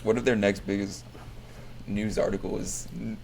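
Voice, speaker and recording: A man's voice: on the low side, level tone, moderate pace, creaky, a little mellow, slight background noise. A young man co-hosting a podcast, joking casually and swearing often. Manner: laid-back, profane, laughs a lot. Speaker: podcast co-host. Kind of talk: casual chat.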